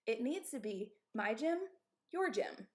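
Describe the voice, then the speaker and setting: A woman's voice: a little high, animated, a little slow. A woman in her thirties who owns and coaches at a gym, giving candid, emphatic advice on a live stream. She often checks in with "okay?" and "right?". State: out of breath.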